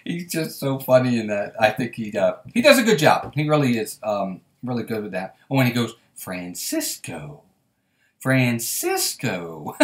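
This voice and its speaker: A man's voice: medium pitch, very animated, brisk, hardly any pauses, echoey room. A man hosting a casual live stream, chatting and laughing often as he reads viewer comments aloud. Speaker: host.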